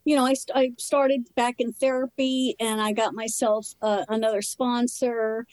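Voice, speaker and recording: A woman telling her personal recovery story in conversation, candid and earnest, in short halting phrases. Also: a little high, level tone, darkish tone, no echo, low-quality recording. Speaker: interview guest.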